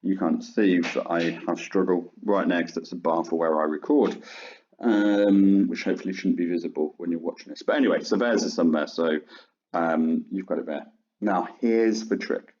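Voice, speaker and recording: Male maths teacher, low voice, unhurried, chatty with ums, dull lo-fi recording. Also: a little mellow. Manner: chatty and informal with frequent fillers. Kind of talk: classroom lesson. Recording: dull lo-fi sound.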